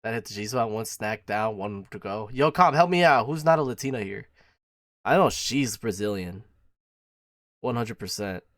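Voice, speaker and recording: A man's voice: lowish voice, lively intonation, moderate pace, no room sound, clean studio sound. A man doing casual reaction commentary, brash and crude, joking freely. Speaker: reaction streamer.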